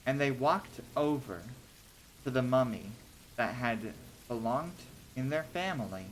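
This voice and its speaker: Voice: medium pitch, lively intonation, a little slow, slight background noise. A streamer telling short stories on a casual livestream, hesitant with many ums and restarts, laughing between thoughts.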